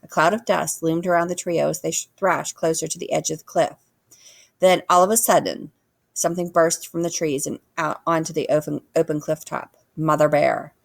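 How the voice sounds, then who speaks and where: A woman reading a children's book aloud with expressive storytelling. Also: low-pitched, normal speed, creaky, no echo. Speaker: reader.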